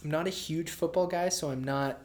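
A man co-hosting a casual sports chat, relaxed and easygoing. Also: fairly high pitch, brisk. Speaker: co-host of a sports podcast.

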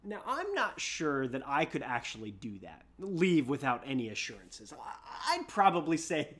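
A preacher telling a story in a sermon, repeating words as they restart sentences and swinging from loud bursts down to hushed whispers. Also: mid-range voice, wildly swooping pitch, normal speed, hardly any pauses. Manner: frequent repeated word restarts.

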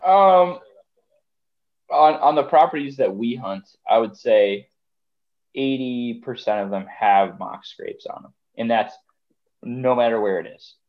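A man's voice: mid-range voice, animated, a little slow, dull audio. A man chatting casually on a podcast as a guest, rambling with lots of fillers. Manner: rambling, conversational, many fillers. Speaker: podcast guest, deer hunter.

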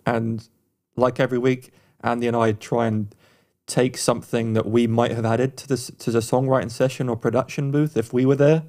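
A man's voice: medium pitch, flat delivery, moderate pace, a little mellow. A man co-hosting a music podcast, talking enthusiastically in casual, rambling chat with frequent restarts. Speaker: podcast co-host reviewing songs.

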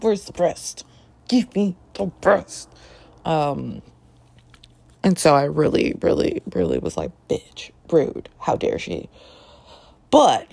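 A young woman chatting casually in a book review vlog, animated and given to swearing and laughing. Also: deep voice, gravelly.

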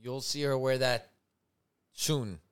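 A man co-hosting a podcast, telling a night-out story in a loose, profane, animated way and acting out what people said. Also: medium pitch, takes it slowly, clean tone. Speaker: podcast co-host. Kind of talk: casual storytelling chat.

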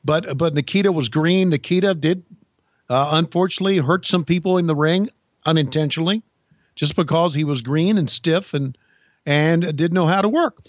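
A man with a slightly high voice tells folksy stories in a relaxed chat, often restarting his sentences. The sound is dry and a little dull, like a lo-fi podcast mic. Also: no room sound. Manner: folksy storyteller, halting restarts. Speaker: podcast co-host, former wrestling insider. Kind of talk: casual chat, storytelling.

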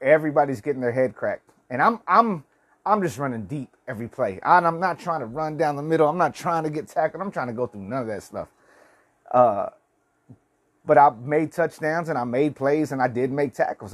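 Rambling, cussing man in his forties. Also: mid-range voice. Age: 40s. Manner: rambling, profane, lots of restarts. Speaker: vlogger. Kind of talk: casual storytelling vlog.

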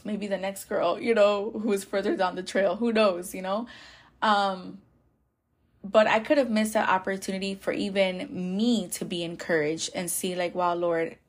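Chatty woman sharing a faith story. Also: mid-range voice. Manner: chatty, laughing, many fillers and restarts. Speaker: podcast host. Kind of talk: casual faith testimony.

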